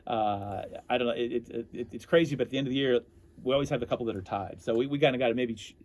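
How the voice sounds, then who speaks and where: Fast-talking animated male storyteller. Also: medium pitch. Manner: animated, self-interrupting storyteller. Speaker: interview guest. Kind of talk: casual storytelling.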